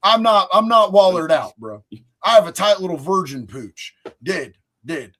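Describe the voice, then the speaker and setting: A male streamer tells crude stories in a profane, boisterous way. His voice runs high for a man and leaps all over the place, jumping from loud bursts down to low mutters. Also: sing-song, a little slow. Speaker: streamer host. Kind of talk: crude comedic storytelling on a livestream.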